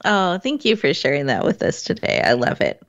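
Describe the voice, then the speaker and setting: A woman hosts an interview show with a low voice. She sums up her guest's story and affirms it, laughing often. The audio is dry and a little dull. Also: wildly swooping pitch, moderate pace, vocal fry, no room sound. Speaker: podcast host. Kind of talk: warm interview chat.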